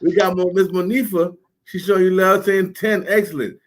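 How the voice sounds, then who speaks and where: A man with a high voice hosts a livestream over a video call. He keeps the energy high, repeating his calls to listen and cheering on the guests. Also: level tone, moderate pace. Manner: repetitive, hyped-up calls to listen. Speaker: livestream host. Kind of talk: hype host banter.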